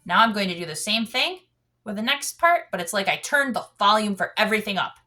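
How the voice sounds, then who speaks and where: A woman's voice: mid-range voice, expressive, fairly quick. A woman teaching a piano lesson, explaining patiently and singing out counts while she plays. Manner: patient, demonstrates with sung counts. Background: piano playing.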